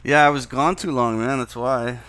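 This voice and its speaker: Distracted man muttering over software. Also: medium pitch, fairly even intonation, moderate pace, clean tone, no echo. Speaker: podcast co-host. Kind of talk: casual chat.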